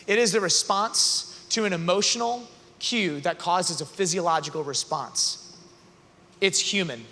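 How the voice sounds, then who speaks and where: A man giving an earnest, conversational youth talk that builds to loud emphatic passages, recorded in a large arena hall. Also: sits high, measured pace. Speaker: youth conference speaker. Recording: long hall reverb.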